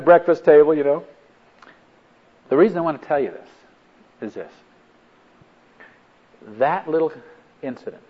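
A middle-aged man giving a talk, retelling a family story in an earnest, halting way and quoting each line of dialogue. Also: a little high. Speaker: speaker. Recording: dull lo-fi recording.

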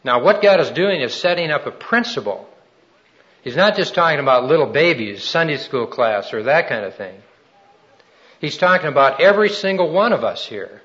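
A man's voice: fairly high pitch, big pitch swings, normal speed, a bit bright, dull audio. A man preaching a sermon and telling his own testimony in an earnest, folksy storytelling way.

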